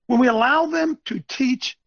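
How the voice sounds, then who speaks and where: A man hosting a webcast, delivering a preachy, ranting commentary, repeating himself emphatically and swinging between loud bursts and low muttering. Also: moderate pace, dry recording. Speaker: webcast host. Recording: dull lo-fi dry recording.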